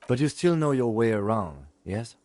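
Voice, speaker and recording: An actor playing a calm, composed male police detective in a video game, speaking tersely and in a measured way. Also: medium pitch, dry recording, natural voice. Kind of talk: voiced game dialogue.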